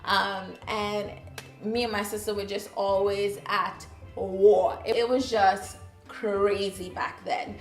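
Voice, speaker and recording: A woman with a Trinidadian accent tells a personal story in casual vlog style, her pitch sitting mid-range. She is chatty and sassy, throwing asides to the viewers. The room has a noticeable echo, with faint music under her voice. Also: little pitch movement, takes it slowly. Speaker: vlogger.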